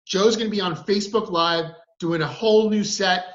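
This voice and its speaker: A man's voice: sits high, normal speed, a bit bright. A middle-aged man hosting a casual online show, upbeat and friendly as he introduces and promotes his guest. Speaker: show host. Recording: dull lo-fi video-call audio.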